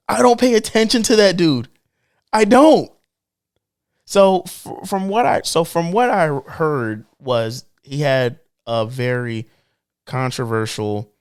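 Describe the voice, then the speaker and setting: A young man co-hosting a podcast, talking in an emphatic, animated way that swings between low drawn-out remarks and excited bursts. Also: smooth. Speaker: podcast co-host. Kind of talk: casual podcast commentary.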